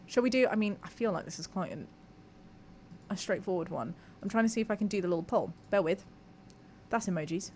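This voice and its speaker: A woman's voice: medium pitch, slight background noise. A young woman hosting a live podcast, chatting candidly with her audience, reading messages aloud and swearing casually. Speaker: podcast host. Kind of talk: casual live-stream chat.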